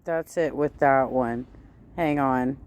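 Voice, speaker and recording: A woman's voice: rumbling low, steady tone, slow, darkish tone. A woman in her fifties hosting casual reaction commentary, blunt and sarcastic, swearing freely. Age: 50s. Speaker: commentary host.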